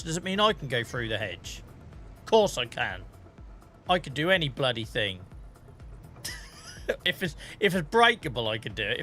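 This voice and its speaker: A man in his thirties chats through a game stream, trading stories with plenty of swearing and laughter. His voice sits a little high and sounds bright and forceful, with faint music underneath. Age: 30s. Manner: chatty, swears and laughs a lot while storytelling. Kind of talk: casual gameplay chat.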